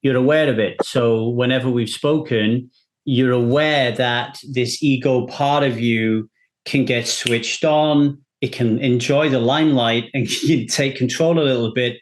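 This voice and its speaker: Man hosting, reflective and measured. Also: medium pitch, steady tone. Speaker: podcast host. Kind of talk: casual interview talk.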